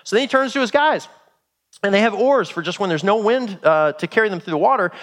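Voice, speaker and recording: A man preaching a sermon, retelling a story in a lively, dramatic way and acting out the characters. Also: sits high, fairly quick.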